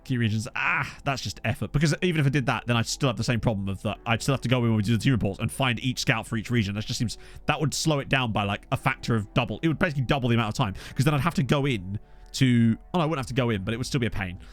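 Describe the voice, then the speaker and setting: A man in casual let's-play commentary, chatty and self-mocking as he thinks out loud at a desk microphone. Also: medium pitch, racing, soft background music. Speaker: gaming YouTuber. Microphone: USB desk microphone.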